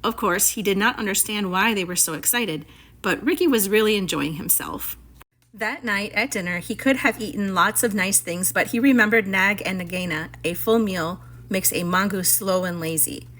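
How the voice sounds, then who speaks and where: For an audience of students, a woman reads a classic story in a clear, expressive, measured manner, her voice sitting in the mid range.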